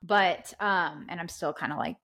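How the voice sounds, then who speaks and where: A woman's voice: lowish voice, moderate pace. A young woman co-hosting a podcast, telling stories in casual chat with many fillers. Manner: chatty, animated storytelling with many "like" fillers. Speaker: podcast co-host.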